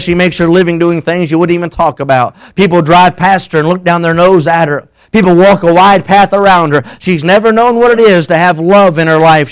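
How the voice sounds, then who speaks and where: A male preacher with a notably high-pitched voice. He preaches a sermon, climbing into shouts and then dropping to hushed, slow storytelling. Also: clear, resonant tone.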